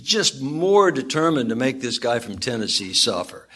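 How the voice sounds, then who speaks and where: A male minister preaching a sermon to a congregation with animated storytelling and emphatic repetition. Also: mid-range voice, normal speed. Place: church with congregation.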